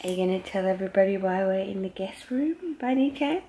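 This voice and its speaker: A woman's voice: medium pitch, lively intonation, fast, warm tone, slight background noise. An Australian woman vlogging at home in a guest room, chatting into a handheld camera and using playful sing-song baby talk with her son. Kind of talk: casual home vlog.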